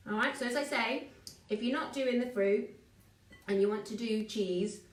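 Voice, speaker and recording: A baking teacher runs a live online class, chatting and greeting viewers by name as she mixes. Her voice is a little high at a normal speed, recorded on a phone mic at a distance in an echoey room.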